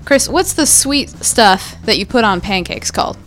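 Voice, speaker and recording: A woman's voice: fairly high pitch, lively intonation, normal speed, a bit bright, faint music behind. A woman hosting a podcast, playfully running a word quiz with her guests. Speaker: podcast host. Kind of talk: casual chat.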